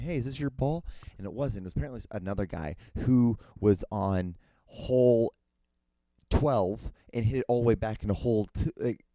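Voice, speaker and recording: A man's voice: fairly low pitch, warm tone, no echo. A young man hosting a solo podcast, telling a rambling, profane story and acting out the other people's lines. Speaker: podcast host.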